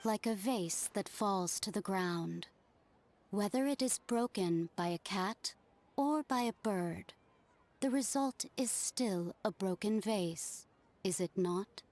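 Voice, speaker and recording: A woman voicing an unseen, mysterious woman in a video game, speaking slowly and solemnly, partly in a whisper. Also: medium pitch, darkish tone, slight background noise, close to an everyday voice. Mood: cryptic.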